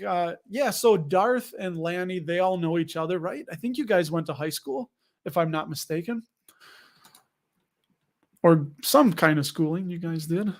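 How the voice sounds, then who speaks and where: A man hosting a casual chat about dividend investing, rambling with joking, sarcastic asides as he reads viewer comments. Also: sits high. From United States. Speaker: dividend investing channel host.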